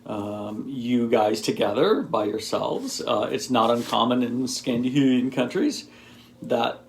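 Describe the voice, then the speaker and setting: A man's voice: mid-range voice, a little slow, creaky, slight background noise. A man talking casually to camera, rambling and explaining in a teacherly way with lots of ums and asides. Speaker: video blogger.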